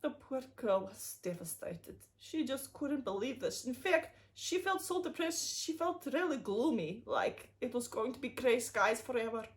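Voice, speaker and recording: Woman storyteller for kids, high voice, very animated, sound effects and asides. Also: a little slow, few pauses. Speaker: children's storyteller.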